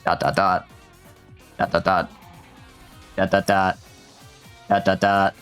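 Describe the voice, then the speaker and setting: A man's voice: deep voice, level tone, slow, a bit bright, clean tone, soft background music. Joking young man streaming a game. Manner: jokey, chatty, reads lines out with asides to chat. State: sore throat. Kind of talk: casual let's-play commentary, reading game dialogue aloud.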